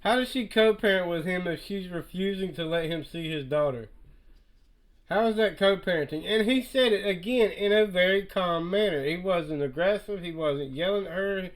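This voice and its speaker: Emphatic high-voiced man commentating. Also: moderate pace, poor audio. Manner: emphatic, repetitive, addresses viewers directly. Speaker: reaction video commentator. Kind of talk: reaction commentary.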